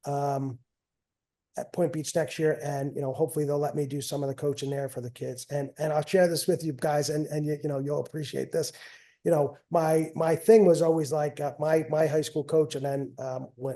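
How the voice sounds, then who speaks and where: A man's voice: a little high, fairly even intonation, moderate pace, dark tone. A middle-aged man, telling stories as a guest in a casual, rambling way and often repeating himself. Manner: rambling, repeats phrases, trails off. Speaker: guest, wrestling coach and father. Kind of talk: casual storytelling.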